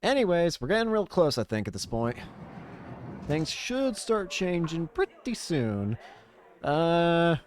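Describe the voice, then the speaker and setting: A man's voice: fairly high pitch, big pitch swings. A young man playing a visual novel, reading its narration aloud and reacting casually. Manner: casual, reacting with quick exclamations. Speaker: game streamer.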